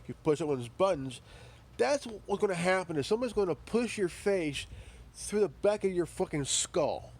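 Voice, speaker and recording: A man's voice: sits high, expressive, darkish tone. A man delivering a profane, confrontational ranting monologue as a commentary vlogger, often stumbling and repeating himself. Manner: profane, confrontational, halting repetitions.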